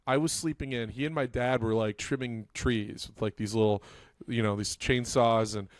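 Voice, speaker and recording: A man's voice: medium pitch, normal speed, dry recording. Rambling storyteller man on a comedy podcast. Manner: animated, rambling anecdotes with restarts. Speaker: podcast co-host.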